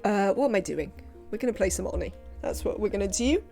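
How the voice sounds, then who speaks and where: A woman chatting casually while livestreaming a video game, rambling and filling pauses with "um" and "uh". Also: medium pitch, lively intonation, creaky, mellow, soft background music. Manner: rambling, chatty, frequent fillers. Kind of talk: casual live gameplay commentary.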